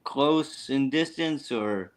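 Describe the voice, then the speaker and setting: An American man hosting a casual chat, telling stories in a crude, animated way. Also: mid-range voice, slow pace. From United States. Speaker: host.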